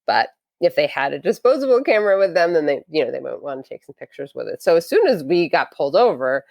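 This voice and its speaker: A woman with a notably low voice, recorded close and dry, tells a casual interview story. She is a lively storyteller who acts out the lines of the people in it. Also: fast, creaky, no echo. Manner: lively storyteller acting out quotes. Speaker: podcast guest.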